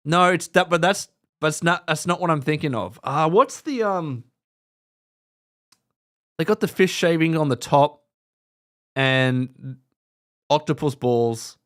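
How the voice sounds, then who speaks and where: A man's voice: fairly high pitch, slow, pauses often, fairly bright tone. A man with an Australian accent hosting a live stream, chatting casually and rambling with his viewers, swearing now and then.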